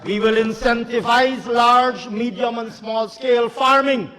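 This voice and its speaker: A man delivering a budget speech in a parliament chamber, emphatic and repetitive, at times shouting. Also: extremely high pitch, fairly even intonation, a little slow, a little hiss or hum. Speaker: finance minister. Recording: long hall reverb in a large chamber.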